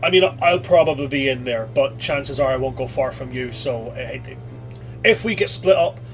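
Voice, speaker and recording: A man voicing a cautious male adventurer who warns his party in a halting, earnest way, close to his own voice. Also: medium pitch, fairly bright tone, faint music behind, close to an everyday voice.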